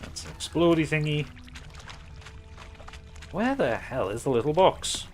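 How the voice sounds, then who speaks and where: Chatty man with a lively voice. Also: on the high side, a little slow. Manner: chatty, rambling, self-mocking. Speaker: gaming YouTuber. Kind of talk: casual let's-play commentary. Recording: commentary over game music.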